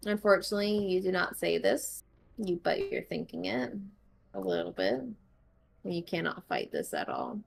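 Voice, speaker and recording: A woman narrating as game master in a tabletop game, telling dream scenes in a slow, hushed way. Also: fairly low pitch, very animated, creaky.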